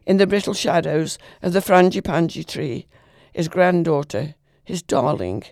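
A woman reading a literary short story aloud in a measured, expressive way. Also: deep voice, dry recording, studio quality. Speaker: reader.

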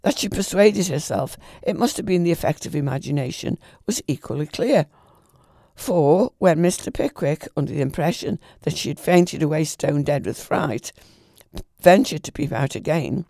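A man reading a classic novel aloud at an unhurried pace, stumbling and restarting now and then. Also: on the high side, expressive, gravelly, dark tone, dry recording, studio quality. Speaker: reader.

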